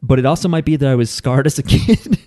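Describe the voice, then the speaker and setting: A man's voice: medium pitch, quick pace, a little mellow, no room sound, studio quality. A man co-hosting a podcast in casual chat, telling rambling stories full of "like" and restarts. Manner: rambling storyteller, lots of "like" and restarts. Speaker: podcast co-host.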